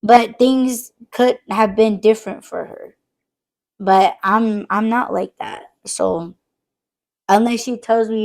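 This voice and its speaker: A woman's voice: on the high side, takes it slowly. A woman hosting a podcast in casual late-night chat, swearing freely and acting out the other side of conversations. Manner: profane, animated, acts out quoted exchanges. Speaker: podcast host.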